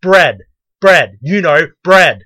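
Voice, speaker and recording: An insistent, entitled middle-aged woman customer, as a man puts her on, repeating the same demand again and again. The voice is raised higher and has a bright, sharp edge. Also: lively intonation, slow pace, no echo, exaggerated voice. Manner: insistent, repetitive.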